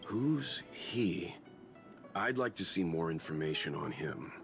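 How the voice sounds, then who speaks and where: Very deep steady older guy in a game, calm and measured, faint music behind. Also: exaggerated voice. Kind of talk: game voice acting.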